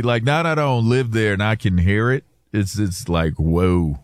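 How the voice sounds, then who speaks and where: A man's voice: fairly low pitch, moderate pace, few pauses, no room sound. A man co-hosting a sports radio show in loose, slangy chat, laughing often at a studio mic. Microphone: studio microphone.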